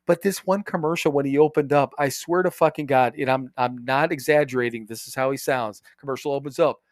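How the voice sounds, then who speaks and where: A man's voice: medium pitch, fairly even intonation, brisk, dry recording, studio quality. A man co-hosting a podcast in casual chat, telling stories animatedly, laughing often and swearing freely. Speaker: podcast co-host.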